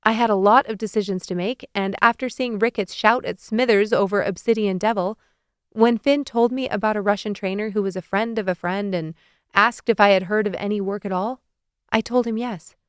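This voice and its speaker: A woman narrating a first-person audiobook with a lively, expressive reading on a close studio mic. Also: medium pitch, brisk, smooth, no room sound.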